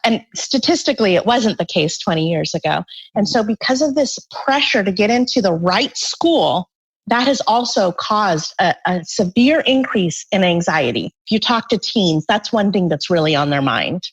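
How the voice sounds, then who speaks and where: Woman guest author, mid-pitched, earnest explainer, slightly muffled recording. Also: animated, moderate pace, slightly rough. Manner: earnest, explanatory, acts out parents' voices briefly. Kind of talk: conversational interview.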